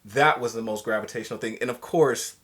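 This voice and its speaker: Co-host type: lively American man reviewing a movie, conversational, mid-pitched. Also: fairly quick. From United States. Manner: animated, tags "you know what I'm saying". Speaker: podcast co-host. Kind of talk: casual film review chat.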